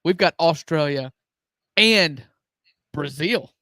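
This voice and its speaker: A man co-hosting a sports show, relaxed and friendly with lots of "uh"s. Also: fairly high pitch, takes it slowly, no room sound. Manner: relaxed, friendly, with many fillers. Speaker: podcast co-host. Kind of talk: casual sports talk.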